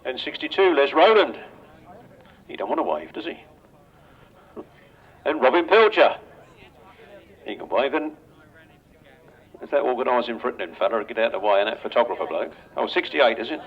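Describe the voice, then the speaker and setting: An older English man announcing riders and calling a grasstrack race over a loudspeaker at an outdoor track, chatty and joking with the riders. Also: mid-range voice, expressive, moderate pace, long pauses, slightly rough. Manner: chatty, jokey, banters with riders. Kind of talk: live grasstrack commentary over a PA. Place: outdoor racetrack. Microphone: public address microphone. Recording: dull lo-fi outdoor recording.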